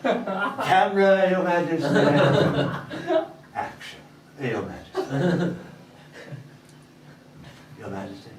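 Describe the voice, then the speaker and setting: A man playing a fussy, fawning TV director who coaxes in a hushed voice. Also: high voice, very animated, full character voice. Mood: coaxing. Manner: hushed, coaxing, quick asides. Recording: roomy club from far off, background noise.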